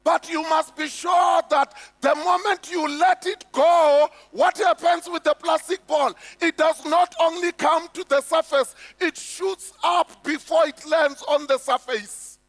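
South African pastor, emphatic sermon, unhurried delivery, echoey hall. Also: male voice, very high voice, fairly even intonation, a bit bright. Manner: emphatic preaching, rhetorical questions to the congregation. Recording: echoey hall with faint music.

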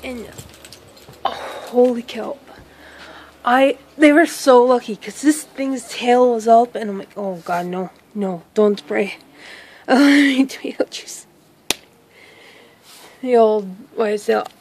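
Woman, vlogger, casual storytelling, rambling, exclamatory, higher voice, outdoors, handheld phone, faint background noise. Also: slow pace, pauses often, rough recording. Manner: rambling, excitable, with exclamations and self-interruptions. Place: outdoors in a yard.

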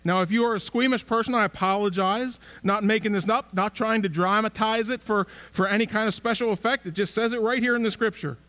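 A man's voice: sits high, fairly even intonation, brisk, hardly any pauses, pushed and bright. A male pastor giving a conversational sermon, asking rhetorical questions and repeating himself for emphasis. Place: church sanctuary.

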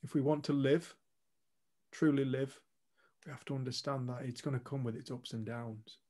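A man's voice: mid-range voice, fairly even intonation, moderate pace, mellow. A man co-hosting a retreat, telling a story to a group in a blunt, earnest way and swearing casually. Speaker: retreat co-host. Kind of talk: candid storytelling talk to a group.

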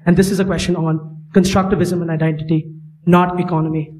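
A man's voice: fairly high pitch, little pitch movement, brisk, darkish tone, low-quality recording. A young man from India, a student in the audience, asking an emotional, impassioned question through a personal story. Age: young adult.

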